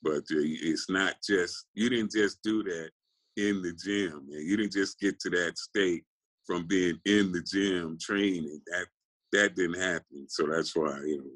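A man's voice: low voice, a little slow, fairly bright tone, low-quality recording. A man in his sixties from California, a guest telling rambling, profane stories in casual interview chat.

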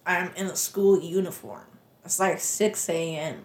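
A woman from Las Vegas who works as a budtender, telling stories in casual slangy chat and acting out customers in quick voices. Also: lowish voice, steady tone. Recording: roomy echo.

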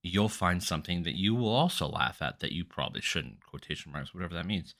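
A young man hosting a casual solo podcast, ranting and cursing, his voice swinging between mumbled asides and loud outbursts. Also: sits low, animated, brisk, gravelly. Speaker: podcast host.

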